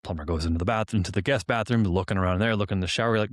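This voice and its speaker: A man with a lowish voice talks quickly in a casual podcast explanation. He tells a story by acting out both sides of a conversation, with plenty of informal fillers. The recording is dry and close, with little room sound. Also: fairly even intonation, no echo. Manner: informal, many "like" fillers and restarts. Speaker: podcast co-host.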